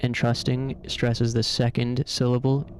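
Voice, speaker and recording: A man's voice: mid-range voice, steady tone, moderate pace, gravelly, a little mellow, a little hiss or hum. A man streaming a game, chatting casually and trying out words aloud with curious musing.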